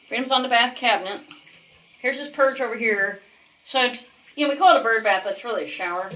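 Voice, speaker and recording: A woman records a casual home vlog in her bathroom, talking to her parrot. Her voice sits a little high and leaps into bright sing-song baby talk, then drops back for chatty asides. A tap runs faintly in the background. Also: lively intonation, fairly quick, slight background noise. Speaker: vlogger, parrot owner. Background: faint running tap water.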